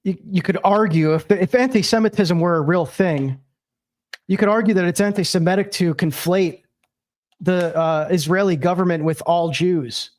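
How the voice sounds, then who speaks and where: A man's voice: high voice, moderate pace. A man hosting a livestream, talking casually and rambling with many fillers. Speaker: livestream host.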